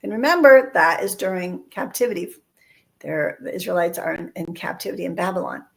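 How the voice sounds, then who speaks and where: A woman with a low, gravelly voice talks earnestly in a casual faith podcast chat. She slips into quoted voices to act out what others might say. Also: brisk. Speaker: podcast co-host.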